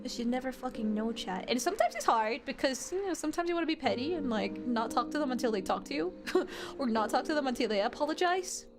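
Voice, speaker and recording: A woman's voice: sits high, animated, quick pace, over music. A young adult woman streaming a game, chatting casually with her chat in a rambling, giggly way full of fillers.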